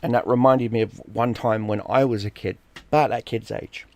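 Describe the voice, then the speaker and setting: A man's voice: medium pitch, moderate pace, no echo. A middle-aged man, casually telling a story, swearing freely and acting out what people said. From London, England. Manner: animated, swears freely, acts out quoted people. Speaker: streamer.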